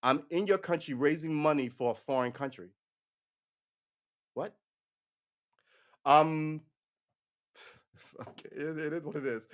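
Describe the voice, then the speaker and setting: Ranting man, fairly high voice. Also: slow pace, pauses often. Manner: ranting, profane, breaks into mocking impressions. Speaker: livestream commentator. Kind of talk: casual political commentary.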